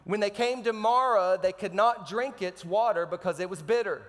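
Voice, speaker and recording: Man, pastor, sermon, high voice, lively with joking asides, reverberant church hall. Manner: animated, joking asides between slow scripture readings. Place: church sanctuary.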